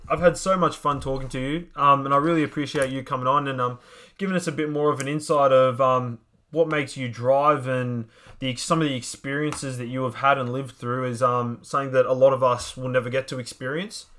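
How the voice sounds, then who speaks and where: A man's voice: mid-range voice, steady tone, brisk, bright, forceful tone. A man hosting a podcast interview, enthusiastic, with frequent ums and laughs. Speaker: podcast host. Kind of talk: casual interview chat.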